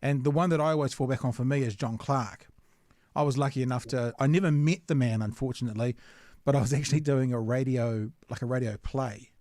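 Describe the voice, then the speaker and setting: Rambling New interviewer, dry sound. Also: male voice, medium pitch, fairly quick, darkish tone, no echo. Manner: rambling, searching questions with restarts. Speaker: podcast host, interviewer. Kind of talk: casual interview chat.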